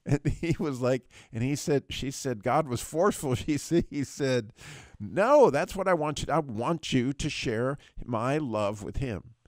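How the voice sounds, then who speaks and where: His mid-range voice runs at normal speed with few pauses, captured in studio quality with no room sound. A middle-aged man on a radio prayer show, he animatedly retells a dramatic testimony in casual chat, voice rising sharply at emotional peaks.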